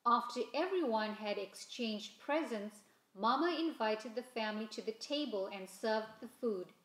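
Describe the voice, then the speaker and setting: Lady reading a kids storybook real slow, bit high voice, echoey room. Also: lively intonation, fairly bright tone. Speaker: children's story reader. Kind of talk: read-aloud storybook narration. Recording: roomy echo.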